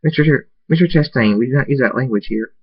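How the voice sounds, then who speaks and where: A man's voice: mid-range voice, quick pace, breathy edge, pitched above the performer's own voice. A man voicing a stern female pony princess in a formal, reproachful tone, barely changing from his own voice. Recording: dull lo-fi recording.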